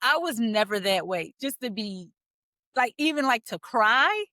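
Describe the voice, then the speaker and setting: A woman's voice: on the high side, animated, a little slow, noisy background. A woman in her thirties from Philadelphia, a podcast guest who talks candidly about herself, laughing easily as she retells her experiences. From Philadelphia, USA. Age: 30s. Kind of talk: casual personal storytelling.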